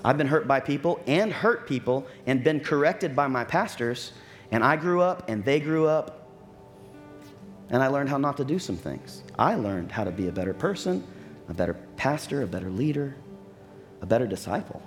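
A man preaching a sermon as pastor, telling stories and acting out what people said, with lively asides. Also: mid-range voice, normal speed, faint music behind. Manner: storytelling with acted-out quotes and lively asides.

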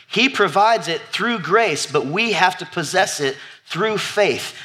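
Here a man with a high voice, a pastor, preaches animatedly in church. Lists he repeats fall to a near-whisper, and he calls out loudly to the congregation in front of him.

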